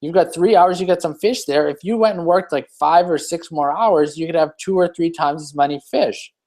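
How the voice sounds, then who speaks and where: A man putting on the voice of a pushy businessman on vacation, insistent and eager as he pitches a bigger life. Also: normal speed, a little mellow, natural voice.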